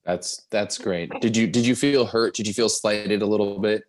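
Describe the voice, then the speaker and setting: A man's voice: lowish voice, fairly even intonation, normal speed. A man hosting a casual interview, asking friendly questions and often repeating his words as he starts. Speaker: interview host.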